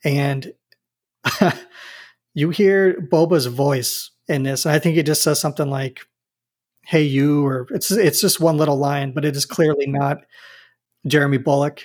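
A man's voice: fairly high pitch, normal speed, a little mellow. A man chatting casually as a podcast co-host, retelling a scene with amused, rambling restarts. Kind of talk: casual chat.

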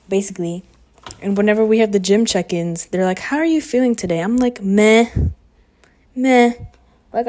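A teenage girl who is a high school student, rambling and oversharing in a casual confessional vlog at home, sarcastic and full of fillers. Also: a little mellow. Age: teens. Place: home living room.

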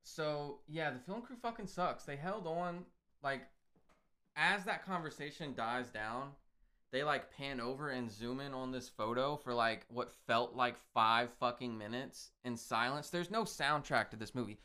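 A man talks through a movie review on a podcast in a loose, casual way. He swears often and works from his own notes. His voice sits at an ordinary middle pitch. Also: measured pace, bright, forceful tone. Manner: profane, reads from his notes. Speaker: podcast co-host.

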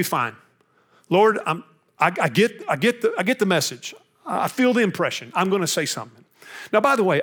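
A man's voice: high voice, fairly bright tone. A man with a Texan accent, an evangelist preaching and telling a personal story with rising intensity. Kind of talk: sermon storytelling.

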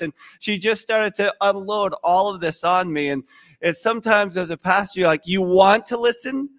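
A male pastor giving a sermon in a conversational, animated storytelling way. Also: high-pitched, normal speed.

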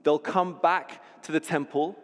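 A man's voice: fairly high pitch, fairly even intonation, measured pace. Man preaching in a reverberant hall. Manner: vivid storytelling, repeats words when restarting. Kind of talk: sermon.

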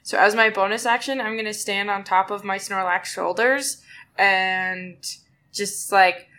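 A woman with a bright, crisp voice plays a tabletop game. She reads out rules in a quick, matter-of-fact way. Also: medium pitch, fairly even intonation. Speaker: player.

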